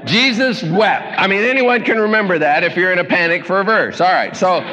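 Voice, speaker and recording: Folksy joking preacher guy, high voice, big echoey hall. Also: brisk, a little hiss or hum. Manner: folksy, joking, animated storytelling. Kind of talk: comedic sermon.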